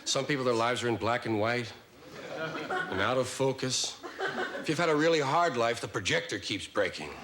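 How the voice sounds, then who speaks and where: A man performing a stand-up monologue in a wry, measured storytelling manner. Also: medium pitch, crowd noise. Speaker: stand-up comedian. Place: television studio stage.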